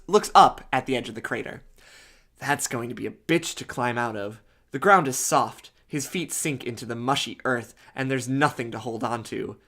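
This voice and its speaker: A man's voice: medium pitch, fairly bright tone. A man hosting a casual comedic fanfiction reading, chatting and joking as he reads aloud with asides.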